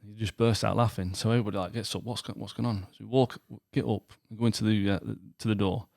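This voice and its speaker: A man, co-hosting a goalkeeper podcast and telling an animated night-out story with lots of acted quotes. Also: lowish voice, quick pace, creaky, dry recording, studio quality. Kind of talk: casual chat, telling a story.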